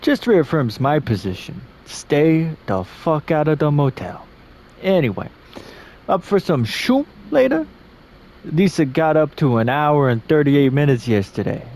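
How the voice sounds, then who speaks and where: A man's voice: fairly high pitch, sing-song, measured pace, a little mellow. A man voicing a chatty male office agent who gossips to a coworker in a put-on accent, loose and swearing. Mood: gossipy.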